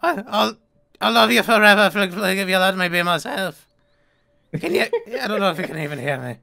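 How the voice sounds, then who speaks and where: Loud, crude, swearing young gamer guy. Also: high voice, animated, brisk, vocal fry. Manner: loud, crude and swearing, with over-the-top shouting outbursts. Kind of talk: profane in-character gameplay banter.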